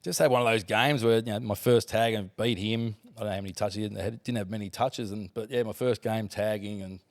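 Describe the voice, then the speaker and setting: A man's voice: lowish voice, brisk. A man in his forties with an Australian accent, a former footballer telling casual stories as a podcast guest, laughing often and swearing freely. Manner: laughing, swearing, animated anecdotes. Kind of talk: casual storytelling.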